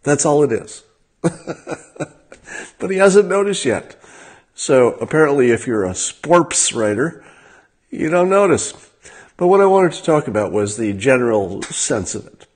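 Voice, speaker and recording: A man hosting a livestream, talking in a casual monologue with a dry, sardonic manner and frequent halting fillers. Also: mid-range voice, very animated. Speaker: livestream host.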